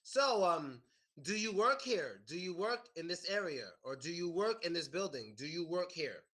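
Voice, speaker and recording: An American man teaching a class, animated and repeating his questions to the students. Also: sits high, moderate pace. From United States. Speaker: English teacher. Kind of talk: classroom lesson.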